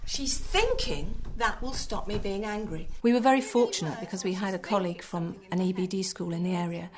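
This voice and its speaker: A woman's voice: mid-range voice, a little fast. Patient woman teacher. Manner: patient, encouraging, articulate. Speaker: primary school teacher. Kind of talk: explaining her teaching and leading a class.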